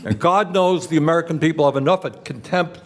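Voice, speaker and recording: A man's voice: on the high side, quick pace, a little hiss or hum. A man chairing a hearing, firm and repeatedly calling for order. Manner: firm, keeps interrupting to restore order. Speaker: committee chairman.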